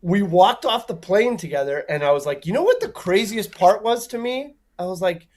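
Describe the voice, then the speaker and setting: A man, a comedian guest on a talk show, telling a story with lots of energy and acting out the people in it. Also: high-pitched. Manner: lively, swearing, acts out voices in a story. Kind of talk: animated storytelling.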